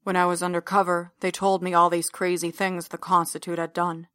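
A brooding, heavyset older man speaks low and close, as if confessing, as a woman narrating a storybook puts him on. His tone is bright and dry, with little rise or fall. He keeps his voice quiet and measured. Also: little pitch movement, no room sound, lightly acted. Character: big older man, brooding cult believer and captor.

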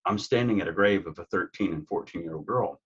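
A man's voice: sits low, quick pace, breathy edge. A man speaking as an interview guest about his true crime work, earnest and heartfelt, on dull lo-fi audio. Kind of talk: conversational interview.

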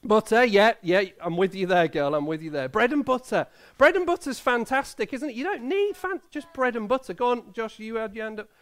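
Chatty high-voiced preacher. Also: male voice, big pitch swings, brisk, hardly any pauses. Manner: chatty and playful, quizzing the children and the congregation. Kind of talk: Bible reading and children's talk in a church service.

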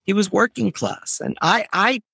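An American man, a professor, talking in a casual interview with animated, emphatic, digressive speech. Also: sits high, normal speed, creaky, slightly rough, dry recording, studio quality. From United States. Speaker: professor, podcast guest.

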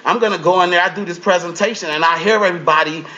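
A man, a comedian and guest, telling a story in an animated, profane way and acting out other people's lines in changing voices. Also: sits high, rapid-fire, highs cut off.

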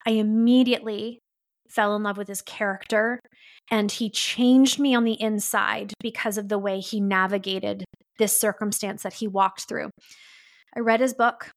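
A woman's voice: medium pitch, fairly even intonation, moderate pace. A woman hosting a podcast, telling a story in an earnest, heartfelt way. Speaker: podcast host. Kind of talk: solo podcast monologue.

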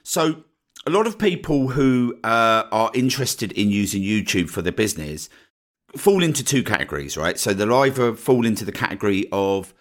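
Chatty Essex man, low voice. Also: big pitch swings, normal speed. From northeast Essex, England. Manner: chatty, often ends points with "right?". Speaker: podcast host. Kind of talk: casual solo podcast talk.

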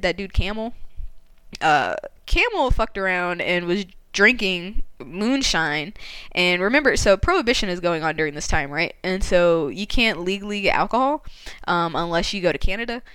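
A woman's voice: mid-range voice, lively intonation, normal speed, a bit bright, clear, resonant tone, no room sound. A young woman casually recapping a story's plot, chatty, with lots of filler words and casual swearing.

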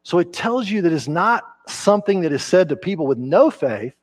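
A pastor delivers a relaxed, conversational sermon from the pulpit of a church. His voice sits a little high for a man, and he grows lively and animated as he acts out the lines he quotes. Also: moderate pace. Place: church sanctuary.

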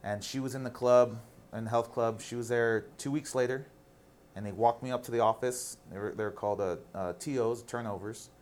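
A man's voice: medium pitch, fairly even intonation, moderate pace, darkish tone. A man in his thirties, a guest on a casual interview, telling stories candidly and animatedly, with some casual swearing.

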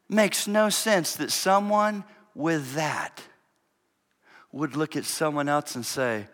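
A man preaching a sermon as pastor, swinging from hushed, low asides to loud, shouted peaks. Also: slow. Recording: preached in a reverberant hall.

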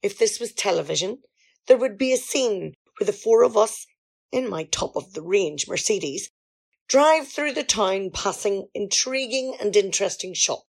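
A woman's voice: medium pitch, expressive, measured pace, gravelly. A woman in an amateur radio comedy sketch, playing a grand diva singer who talks in a theatrical, self-important way.

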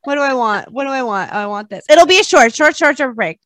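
A woman's voice: high voice, expressive, a little fast, a bit bright, slight background noise. A woman hosting a podcast, cutting in to call a break in casual chat.

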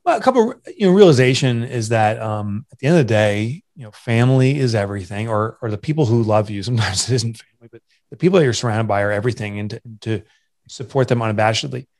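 Talking fast with lively intonation, a man in his forties uses a medium-pitched, darkish voice. He's a guest entrepreneur and author giving a candid interview, earnest and confessional, frequently restarting. Emotion gets to him at times, and his voice catches as he chokes up.

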